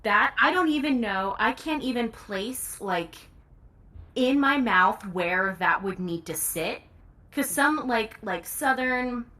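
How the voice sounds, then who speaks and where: A woman's voice: on the high side, pushed and bright. A woman audiobook narrator, a guest in a casual interview, talking candidly and laughing easily.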